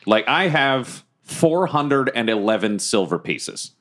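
A man's voice: mid-range voice, slow pace. A man playing a tabletop game who talks casually and curses freely while working out plans with the group. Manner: lively and profane, playing up his character. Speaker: player.

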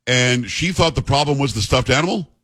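A man's voice: medium pitch, animated, fairly quick, a bit bright. A male radio talk show host in blunt, joking, opinionated banter with a co-host. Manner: blunt, joking, self-mocking.

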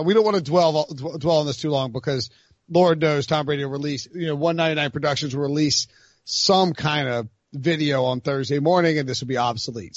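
Man hosting a sports podcast, higher voice. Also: no echo, highs cut off. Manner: rambling, self-interrupting. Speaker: podcast host. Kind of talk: casual sports podcast chat.

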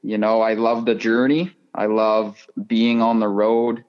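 A young man from Ontario, Canada, talks in a friendly, upbeat way as an interview guest. His voice sits low, and the audio is a little muffled. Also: steady tone, unhurried, smooth. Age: young adult. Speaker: guest, tournament angler. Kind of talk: casual interview chat.

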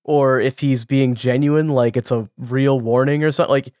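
A man's voice: medium pitch, fairly even intonation, moderate pace, darkish tone, dry recording, studio quality. A man co-hosting a podcast, chatting casually with many restarts and frequent laughter. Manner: rambling, many fillers and restarts, laughs often. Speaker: podcast co-host. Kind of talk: casual chat.

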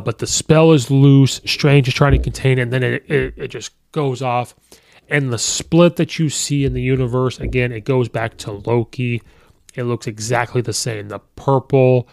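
A man with a gravelly, creaky edge to his mid-pitched voice, chatting loosely as a podcast host. He retells scenes in a casual spoken review, dropping in quoted lines as he goes. The sound is dry and close, with no room around it. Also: no room sound.

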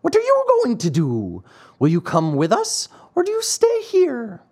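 A man voicing a sly, wheedling little fat coachman in a storybook reading, smooth, coaxing and overly polite. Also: very high-pitched, wildly swooping pitch, measured pace, darkish tone, pitched above the performer's own voice, full character voice.

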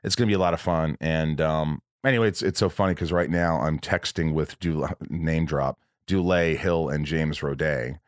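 A man's voice: extremely low pitch, moderate pace, hardly any pauses, no room sound, studio quality. A man hosting a podcast from home in casual chat, rambling along with frequent restarts and self-corrections. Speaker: podcast host.

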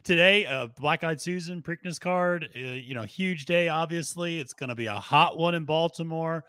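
A man's voice: on the high side, normal speed, bright, forceful tone, smooth, no echo, clean studio sound. A man appearing as a guest on a horse racing podcast, talking in an easygoing, casual way with lots of fillers. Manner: easygoing, filler-heavy talk.

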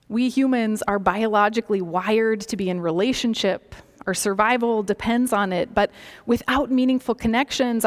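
A woman gives a sermon in a slow, gentle, reflective voice, letting some phrases fall to a soft near-whisper. Her voice sits at a middle pitch for a woman. It carries the long reverb of a large hall. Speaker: preacher.

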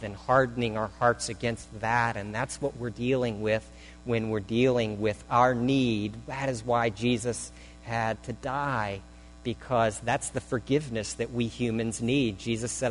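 A man's voice: medium pitch, low-quality recording. A man preaching a conversational sermon as a pastor, with dry self-deprecating humor. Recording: faint mains hum.

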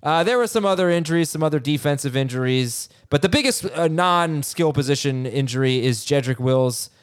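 A man co-hosting a casual fantasy football podcast, brisk and teasing, with frequent "uh" fillers. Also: a little high, lively intonation, clear, resonant tone, no echo, studio quality. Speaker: podcast co-host.

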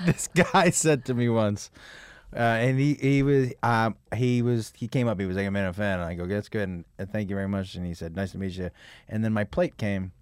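A man hosting a casual interview, asking rambling questions and dropping his voice low to mimic other people in his stories. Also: normal speed, smooth, no room sound, clean studio sound. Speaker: host.

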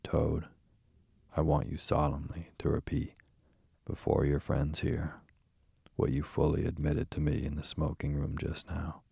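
Give me a grave old badger in a sleepy bedtime storybook, read by a man, very deep and gravelly, dark and husky, close and dry. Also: monotone, no room sound, exaggerated voice. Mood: solemn. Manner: grave, measured scolding. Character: stern, solemn old male badger. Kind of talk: soothing bedtime storybook reading.

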